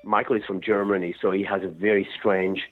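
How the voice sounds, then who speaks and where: Deep man on a tinny phone line. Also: level tone, fairly quick, faint music behind. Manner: rambling, laughs often. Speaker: rock singer, interview guest. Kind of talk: phone-in radio interview.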